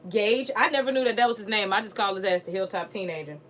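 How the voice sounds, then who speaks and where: A woman, talking loose and profane as she hosts a live chat for her viewers. Her pitch sits in the middle, and there is a faint hiss of noise behind her. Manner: animated, profane, talks straight to viewers. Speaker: live stream host. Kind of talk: casual live stream chat.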